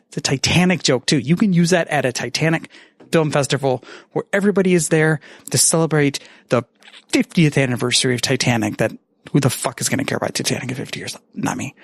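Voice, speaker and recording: A man's voice: medium pitch, vocal fry, husky, no echo, clean studio sound. A man recording a casual, rambling message to a friend, self-mocking and swearing freely. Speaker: podcaster sending a message.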